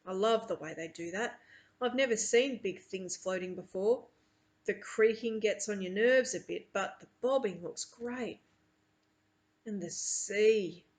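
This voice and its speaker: A woman's voice: mid-range voice, unhurried. A woman teacher reading a novel aloud to her students, with chatty asides between passages.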